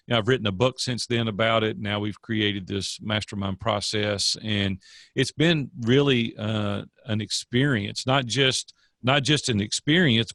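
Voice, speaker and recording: Older male guest, gravelly, dry close mic, earnest and preachy. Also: fairly low pitch, fairly bright tone, no echo. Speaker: guest, coach. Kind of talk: casual interview storytelling.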